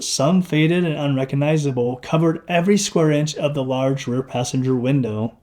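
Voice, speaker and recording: A man reading his own novel aloud in the first person with a dry throat, expressive and acting out the dialogue. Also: medium pitch.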